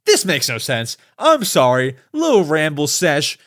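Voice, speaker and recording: A young male podcast host with a fairly high voice that leaps around a lot as he talks. He chats casually and excitably and often builds into fired-up, exasperated rants. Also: a little slow. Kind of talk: casual solo podcast ramble.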